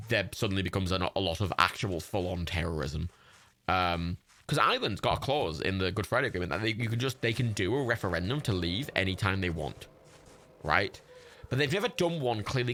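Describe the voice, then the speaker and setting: A young Englishman streams a game and rambles through casual, sweary commentary, laughing as he goes. His voice is gravelly and bright with a lively, bouncing pitch. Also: slight background noise. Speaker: livestreamer. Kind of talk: casual let's-play commentary.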